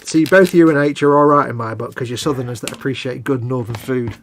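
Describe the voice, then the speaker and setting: A man's voice: medium pitch, quick pace, a little hiss or hum. A man with a northern English accent, co-hosting a casual live stream and teasing his friend. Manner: jokey, teasing banter. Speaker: co-host.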